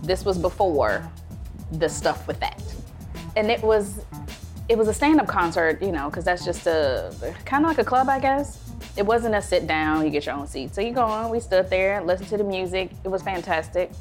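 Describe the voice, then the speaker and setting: A woman's voice: medium pitch, moderate pace, faint music behind. A woman from Chicago, a wine consultant, telling stories in a casual vlog and acting out the voices of people in them. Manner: animated, acts out quoted voices.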